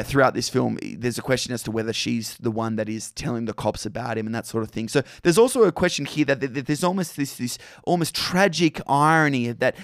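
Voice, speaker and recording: A man's voice: mid-range voice, no room sound. Dry, close Australian man musing on film. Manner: thoughtful, many fillers and restarts. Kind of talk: film discussion monologue.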